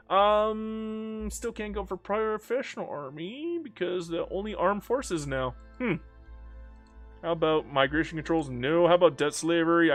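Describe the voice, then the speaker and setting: High-ish voiced guy joking around while playing a strategy game, dry close mic, bit of music underneath. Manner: playful, joking, talks to the game. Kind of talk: casual gameplay commentary.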